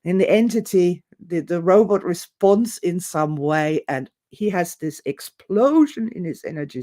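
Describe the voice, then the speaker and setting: A woman's voice: on the low side, measured pace, few pauses. A woman giving an opinionated, theatrical monologue, digressing and acting out other people's reactions. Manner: animated, theatrical, acts out quotes, digressive. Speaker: presenter.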